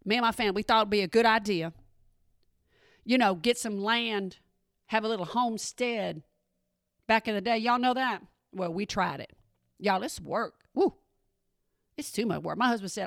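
A middle-aged woman, hosting a podcast and chatting with her listeners, calling them y'all. Her voice is a little hoarse, with an occasional frog in her throat. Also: medium pitch, normal speed, pauses often, fairly bright tone, no room sound, clean studio sound. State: slightly hoarse, clearing throat. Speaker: podcast host. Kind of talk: casual chat.

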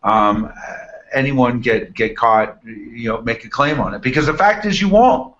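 A man, a company CEO, talking as a podcast guest, relaxed and halting, with many fillers. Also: medium pitch. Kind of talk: casual interview. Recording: dull lo-fi podcast audio.

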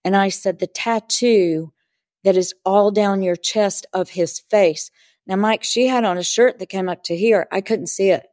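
This spiritual teacher speaks in a mid-range, slightly mellow voice and takes her time. She's telling stories during an interview, bringing the dialogue to life with earnest, vivid delivery. The studio-quality audio has no echo.

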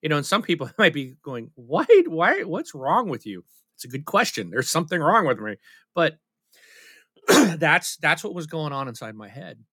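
A man talks in loose, casual podcast chat, candid and a little self-deprecating. He circles back and restarts often. His voice is bright and forceful, recorded dry with no room sound. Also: on the high side, expressive, moderate pace, no echo. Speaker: podcast co-host.

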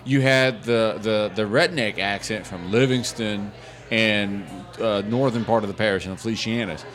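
A man's voice: lowish voice, steady tone, normal speed, fairly bright tone. A man in his fifties on a podcast, telling stories in a wry, salty, casual way. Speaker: podcast host. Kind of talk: casual chat.

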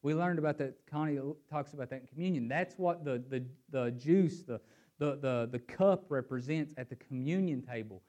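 A man's voice: mid-range voice, moderate pace. A man preaching a sermon and reading scripture aloud. He swings his emphasis up and down and repeats words as he thinks aloud. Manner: animated, rising and falling emphasis.

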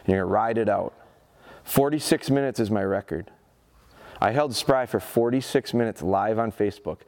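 A man in his forties giving a live dog training seminar, telling stories in an animated, folksy way and speaking to the audience. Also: fairly low pitch, moderate pace. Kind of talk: live seminar talk with demonstration. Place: seminar hall at an outdoor show.

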